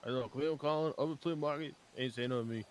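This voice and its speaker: A man's voice: medium pitch, quick pace, a little hiss or hum, natural voice. A man voicing a folksy Cajun swamp man with a put-on drawl and broken grammar, in a role-play game.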